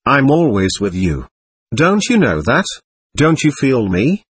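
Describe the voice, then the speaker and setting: A man's voice: medium pitch, big pitch swings, unhurried, slightly rough, dry recording. A man voicing a vast, tender angel. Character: vast tender male angel, fatherly and reassuring.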